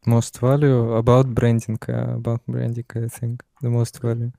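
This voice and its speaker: A man with a Russian accent, a mentee speaking English as a second language, halting and hesitant with many fillers. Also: medium pitch, monotone, creaky, warm tone, no echo, clean studio sound. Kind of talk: casual chat.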